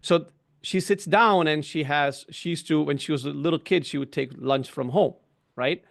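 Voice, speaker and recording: This webinar guest is a middle-aged man with a gravelly, slightly high voice and a moderate pace. On a video call he gives a conversational, explanatory talk, often adding "right?" and "you know".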